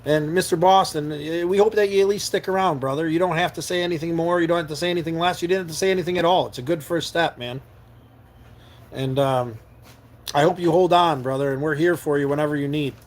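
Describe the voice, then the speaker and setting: A man's voice: on the high side, steady tone, quick pace. A man from New York State hosting a live stream from a camper van and answering viewer comments in an earnest, heartfelt way, often repeating words as he searches for them.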